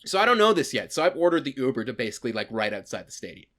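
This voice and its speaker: A man's voice: mid-range voice, sing-song, very fast, fairly bright tone. A young man recounts a story in a casual podcast chat. He rambles along, piling up fillers and curse words. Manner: rambling with lots of "like" and swearing. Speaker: podcast co-host.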